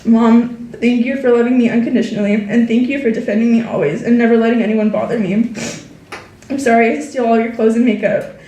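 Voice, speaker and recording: Brief: teen girl, senior speech, tearful and heartfelt, mellow voice, echoey room. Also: a little high, fairly even intonation, a little fast, recorded from a distance. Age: teens. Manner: heartfelt, reading thank-yous. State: tearful, near crying. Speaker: graduating student. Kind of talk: senior speech read aloud.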